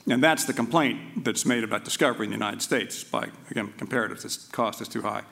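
A man giving an academic law lecture, halting, with frequent restarts and filler words, drifting into conversational asides. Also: mid-range voice, vocal fry, pushed and bright.

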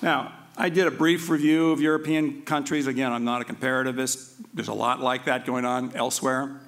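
Halting male law lecturer. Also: medium pitch, little pitch movement, a bit bright. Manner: halting, with frequent restarts and filler words; aside-prone and conversational. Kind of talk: academic lecture.

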